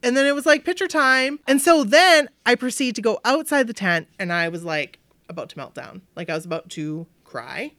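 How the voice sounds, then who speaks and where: A fairly high-voiced woman from Maine tells a long story in an easy, chatty way. She jumps into the voices of the people she quotes. The sound is close and dry, with no room around it. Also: normal speed, dry recording. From Maine, USA. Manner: animated, acts out quoted voices, many "like" fillers. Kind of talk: casual chat, storytelling.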